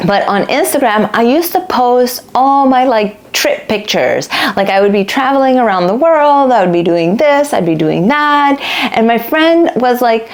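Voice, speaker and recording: A candid, chatty woman works through ideas on self-discovery in a loose, conversational way. She swears casually, uses lots of filler, and slips into quick voices when quoting people. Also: fairly high pitch, lively intonation. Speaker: podcast host. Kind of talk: casual spiritual self-help talk.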